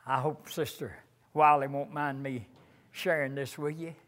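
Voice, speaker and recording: Older male preacher, unhurried and earnest, voice sitting a bit high. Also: fairly even intonation, fairly bright tone. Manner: slow, earnest preaching, reciting hymn lines with rising emphasis. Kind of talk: sermon.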